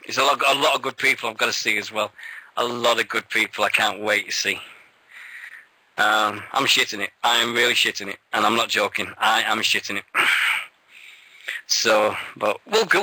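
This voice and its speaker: A man co-hosting a radio show, rambling and excitable, swearing freely and sounding shaky with nerves. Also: on the low side, normal speed, no room sound, low-quality recording. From England. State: nervous, shaky. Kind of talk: casual radio chat.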